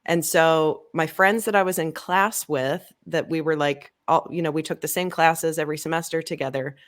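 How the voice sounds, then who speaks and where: As a guest on a podcast, this marketing agency owner chats casually and reenacts past exchanges while telling her story. She speaks in a deep, steady voice at a normal speed.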